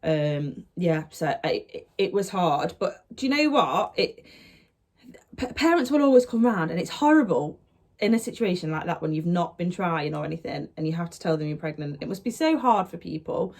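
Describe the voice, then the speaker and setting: Speaking at normal speed in a lowish voice, the young woman vlogs a personal story to the camera, keeping it casual and lively and performing the quotes she retells.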